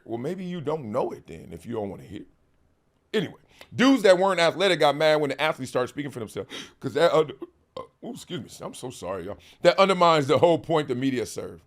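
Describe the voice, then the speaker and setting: A middle-aged talk show host with a high, slightly bright voice delivers an animated monologue. He talks emphatically in slang, laughs a lot, and mocks people by putting on quoted voices.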